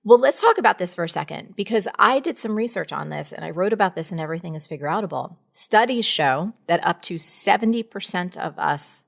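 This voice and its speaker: A woman's voice: on the low side, animated, brisk, creaky, hardly any pauses. A middle-aged woman talking as a podcast guest in a candid conversation, earnest and encouraging, speaking in emphatic bursts.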